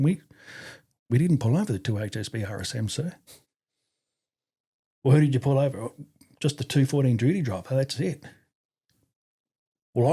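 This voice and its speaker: A man in his forties with an Australian accent tells a casual anecdote as a podcast guest. His voice is dark and slightly husky, and he swears freely and laughs as he talks. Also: mid-range voice. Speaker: podcast guest, army veteran. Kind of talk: casual storytelling interview.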